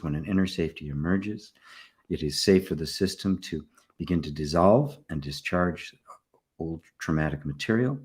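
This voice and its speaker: An older man, a spiritual teacher, giving a relaxed satsang talk, often checking in with "right?" and soft laughs. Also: sits low. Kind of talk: satsang talk, answering questions.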